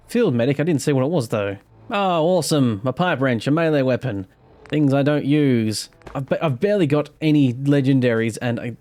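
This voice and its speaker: A man chats his way through a game session in a relaxed commentary voice. He slips into playful, theatrical asides, and his pitch sits in the ordinary middle range. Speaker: gaming YouTuber. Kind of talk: casual gameplay commentary.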